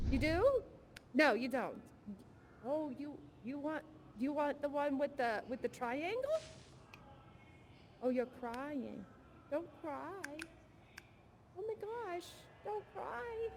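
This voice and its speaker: A woman's voice: high voice, a bit bright, slight background noise. A woman playing a bubbly, giggly young woman who longs to bartend, chatting and rambling on through a headset mic in a live virtual reality show. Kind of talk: improvised live character chat.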